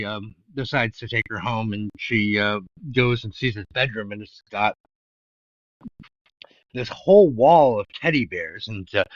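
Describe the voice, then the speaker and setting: A man co-hosting a casual film chat, telling jokes in a halting way with many fillers. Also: lowish voice, fairly bright tone, dry recording, highs cut off. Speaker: podcast co-host.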